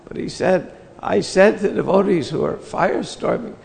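An older man telling a personal spiritual story in an earnest, reflective way, with slow pauses. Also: high voice, creaky, darkish tone, long reverb tail. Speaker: spiritual teacher recounting memories.

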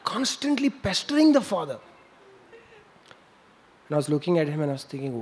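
A man's voice: on the high side, big pitch swings, moderate pace, pauses often, a little mellow, a little hiss or hum. A man preaching, telling a story with laughs and sound effects. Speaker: monk preacher. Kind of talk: storytelling sermon.

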